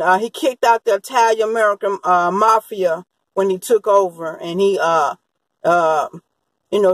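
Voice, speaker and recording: In a poorly recorded clip with no echo, a medium-pitched woman gives a rambling, unscripted monologue on crime history. The true-crime commentator's talk is full of fillers and restarts.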